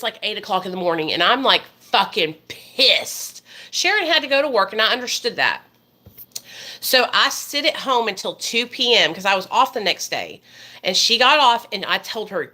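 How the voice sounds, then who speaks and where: A woman's voice: mid-range voice, sharp tone. A woman, telling a story to her viewers in a profane, emphatic way. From Arkansas, USA. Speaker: vlogger. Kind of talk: casual storytime monologue.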